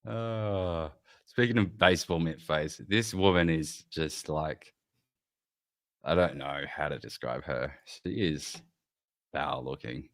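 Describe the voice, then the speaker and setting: A man's voice: extremely low pitch, slow, a bit bright, dry recording, clean studio sound. A man co-hosting a casual news-and-banter podcast, teasing his partner and talking with many restarts. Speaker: podcast co-host.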